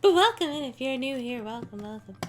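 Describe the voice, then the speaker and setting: A woman's voice: high voice, animated, brisk. Tired, rambling woman streamer. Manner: rambling, self-deprecating, lots of restarts. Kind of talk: casual live-stream chat.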